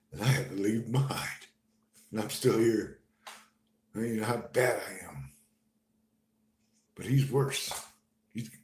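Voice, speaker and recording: A man telling a personal story in a halting, conversational way, dropping to a murmur and then bursting out loud. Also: on the low side. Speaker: storyteller recounting his own experience. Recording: roomy room with faint noise.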